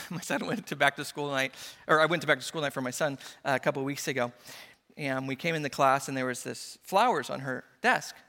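A man's voice: medium pitch, a little fast, pushed and bright. A man preaching a sermon as a pastor, telling stories with playful acted-out quotes. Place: church. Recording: church hall reverb.

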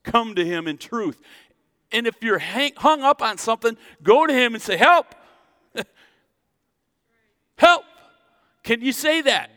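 Animated preacher man leading a sermon. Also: extremely high pitch, moderate pace, clear, resonant tone. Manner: animated preacher, leads the congregation in call-and-response. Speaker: pastor. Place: church service.

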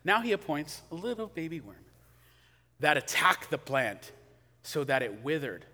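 A man preaching a sermon in a casual, animated way, acting out quotes, in a church hall. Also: on the high side, moderate pace. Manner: conversational, animated, acts out quotes. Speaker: pastor. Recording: long hall reverb.

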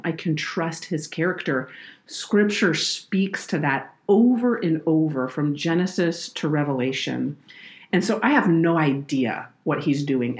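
A low-pitched woman talks on a faith podcast. She tells a personal story in an earnest, heartfelt way. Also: darkish tone. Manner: earnest, heartfelt, tearful at moments. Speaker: podcast guest, children's minister.

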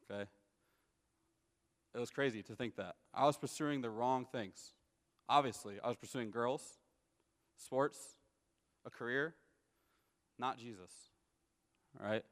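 A man's voice: mid-range voice, unhurried, long pauses, in a large hall. A young man in his twenties telling a personal testimony to an audience, casual storytelling that keeps checking in with listeners. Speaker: speaker giving a personal testimony.

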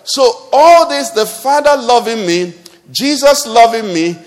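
Male pastor, high voice, call-and-response preaching, live church hall with long echo. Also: lively intonation, normal speed. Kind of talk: sermon.

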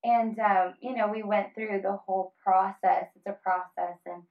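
A woman in her thirties talks earnestly about family and faith, with many fillers and pauses. Her voice sits at a middle pitch. The audio is a little dull and lo-fi. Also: fairly even intonation. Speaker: guest. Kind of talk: casual conversation.

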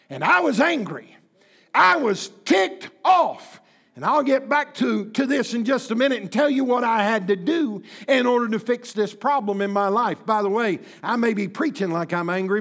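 A pastor in his fifties preaching a sermon in church, impassioned and folksy, with bursts of shouting. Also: very high-pitched. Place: church sanctuary.

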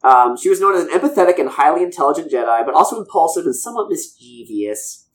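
A man rattling off a story at a fast clip, his voice leaping up and down as he goes. He rambles through the details in a loose, animated podcast chat. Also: on the high side. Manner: rambling, animated retelling of lore. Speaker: podcast co-host.

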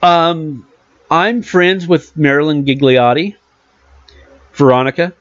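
A man in casual podcast chat who rambles, restarts his sentences and acts out quotes along the way. His voice sits a little high. The recording is dry and slightly muffled. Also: takes it slowly, dry recording. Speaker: podcast co-host.

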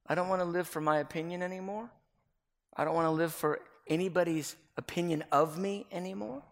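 Gravelly pastor preaching in an echoey hall. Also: male voice, sits high, fairly even intonation, a little fast. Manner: earnest, confessional, shifts between loud and hushed. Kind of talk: sermon. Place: church sanctuary. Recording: echoey hall with long reverb.

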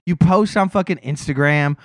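A man's voice: on the high side, normal speed, no echo. A man telling a profane, self-mocking story in a casual podcast chat.

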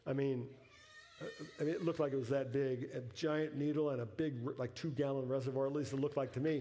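Pastor preaching with rising emphasis. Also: male voice, medium pitch, fairly even intonation, fairly quick, a little hiss or hum. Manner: storytelling, rising to emphatic peaks then dropping soft. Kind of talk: sermon.

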